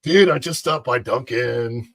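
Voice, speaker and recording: A man's voice: medium pitch, measured pace, fairly bright tone, dry recording. A man voicing a laid-back slacker cop who drawls in surfer-style slang. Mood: lazy.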